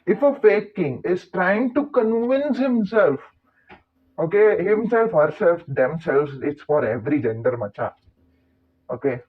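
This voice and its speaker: A man's voice: high voice, expressive, measured pace. A man hosting his own vlog. He talks casually to camera, chatty and digressive, with playful asides. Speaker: channel host. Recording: tinny phone-like sound.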